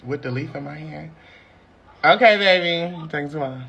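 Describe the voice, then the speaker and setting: A man's voice: on the high side, measured pace, gravelly, sharp tone, breathy edge. Brash stoned man on a video chat. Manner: boastful, swearing, laughing often. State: high. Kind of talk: casual video chat with strangers.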